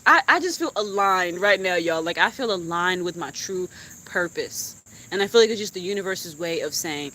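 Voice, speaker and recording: A young woman venting on a live stream in a heartfelt, animated way, with swearing and laughter. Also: lowish voice, normal speed. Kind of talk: emotional casual chat.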